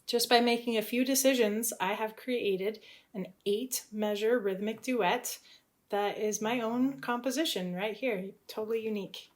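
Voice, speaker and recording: A woman teaching music theory, talking through a composition step by step, thinking aloud in a tentative, relaxed way. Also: on the high side, a little slow.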